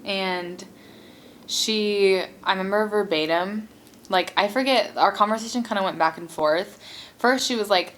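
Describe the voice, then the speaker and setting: A woman's voice: mid-range voice, a little slow, a bit bright, slight background noise. A young woman vlogger telling a casual storytime while eating, chatty and exasperated, with many "like"s. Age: young adult. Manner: chatty, heavy use of "like", exasperated.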